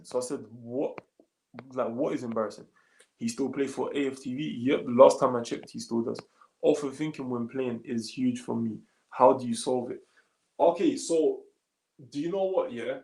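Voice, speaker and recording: A man, a little tired, chatting casually on a live stream and reading comments aloud in relaxed slangy talk. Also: medium pitch, gravelly, echoey room, low-quality recording. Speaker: streamer answering chat.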